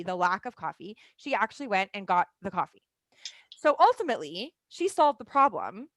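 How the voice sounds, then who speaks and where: A woman's voice: fairly high pitch, a bit bright, no room sound. A woman in her thirties teaching a religious class in a conversational style, often checking in with "right?" and filling her talk with "like". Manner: chatty, often asks "right?" and leans on "like".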